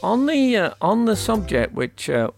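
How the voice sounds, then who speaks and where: A man's voice: sits high, sing-song, unhurried, gravelly, soft background music. A man hosting a casual radio chat from home, joking in a dry, self-mocking way. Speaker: radio host. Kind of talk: casual banter.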